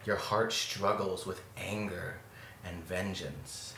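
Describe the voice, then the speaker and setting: A man voicing a gentle matronly female spirit in a tabletop game, speaking slowly in a hushed, solemn tone. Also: sits low, steady tone, gravelly, roomy sound, far from the mic, a little hiss or hum, full character voice.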